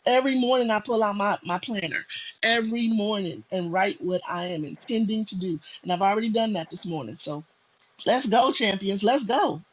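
Motivational man, rousing and preachy, high voice, dull lo-fi sound. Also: brisk, a bit bright. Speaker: motivational speaker. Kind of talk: motivational pep talk.

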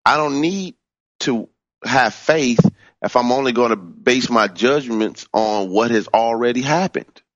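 A man teaching in a sermon style, stressing key words by swooping up in pitch and repeating phrases. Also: measured pace, fairly bright tone, no room sound, highs cut off. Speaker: minister teaching from a book.

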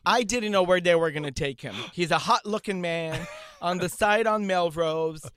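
High bright-voiced animated storyteller man. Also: moderate pace, slight background noise. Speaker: podcast guest. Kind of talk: casual comedic chat.

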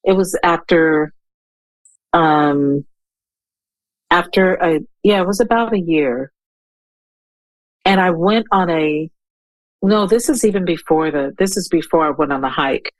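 A woman in her fifties, a guest poet talking in an interview, who speaks haltingly and searches for her words, then reads her poem aloud. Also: fairly low pitch, dry recording, rough recording. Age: 50s. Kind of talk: interview conversation with poetry reading.

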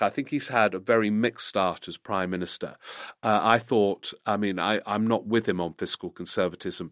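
A middle-aged man gives rambling political commentary in a casual spoken style, answering viewer questions and often restarting mid-sentence. He grows animated when reading the questions, and his fairly low voice is captured in clean studio sound with no echo.

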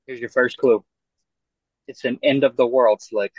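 A man's voice: mid-range voice, steady tone, measured pace, slightly rough, no room sound, lo-fi sound. A man in casual podcast chat, bluntly explaining the rules of a quiz game and swearing freely.

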